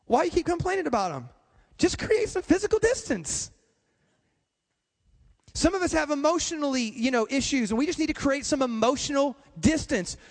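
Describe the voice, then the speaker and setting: High-voiced male pastor preaching. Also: big-room sound. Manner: repetitive, emphatic, addresses the congregation. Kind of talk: sermon.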